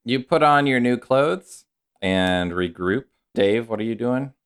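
Smooth-voiced male game master. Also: mid-range voice, expressive, unhurried. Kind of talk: narrating a tabletop game.

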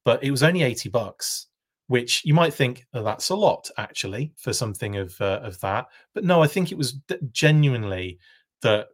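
British guy, live stream host, casual chat, rambling anecdotes, mid-pitched voice. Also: animated, moderate pace. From United Kingdom. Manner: rambling anecdotal storytelling with tangents.

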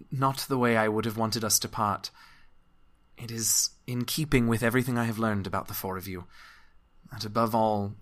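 A man voicing a dignified female council leader who speaks in a measured, formal way. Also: lowish voice, sharp tone.

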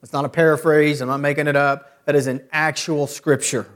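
A middle-aged man preaching a sermon as a pastor. He often builds to loud, emphatic peaks. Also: fairly high pitch, level tone, fairly quick.

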